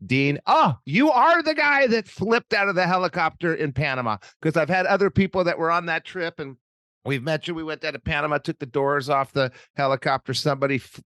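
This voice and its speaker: A man's voice: a little high, a bit bright, dry recording. A man hosting a podcast, joking and teasing his guest in a rambling, casual chat. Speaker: podcast host.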